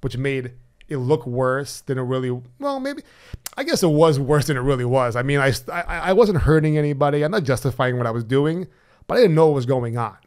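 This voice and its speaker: A man's voice: medium pitch, fairly quick, smooth. Blunt man telling his story on a podcast. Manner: animated, blunt, swears freely; acts out remembered dialogue. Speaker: podcast guest. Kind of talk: candid personal storytelling.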